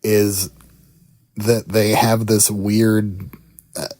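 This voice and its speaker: A man co-hosting a casual film podcast in a relaxed, chuckling way. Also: fairly low pitch, drawn-out words, dry recording. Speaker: podcast co-host.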